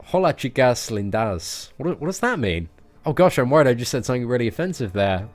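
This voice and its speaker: Brief: British male streamer, jokey live chat, animated pitch, faint music behind. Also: fast. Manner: playful, joking, laughs often. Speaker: game streamer. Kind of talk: casual live-stream chat reading out viewer comments.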